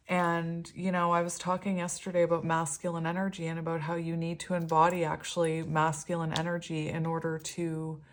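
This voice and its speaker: A woman doing a casual spiritual tarot reading, chatty and rambling, laughing often as she talks. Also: on the low side. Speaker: tarot reader.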